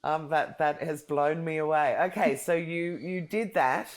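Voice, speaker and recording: Woman host, deep voice, chatty and eager, quick to laugh. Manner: chatty and enthusiastic, laughs easily. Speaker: podcast host. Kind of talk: casual interview chat.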